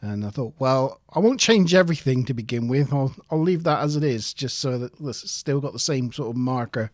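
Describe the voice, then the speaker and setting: A man's voice: mid-range voice, lively intonation, a little fast, dry recording, clean studio sound. A man co-hosting a live stream, chatting casually and self-deprecatingly, laughing often. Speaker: podcast co-host.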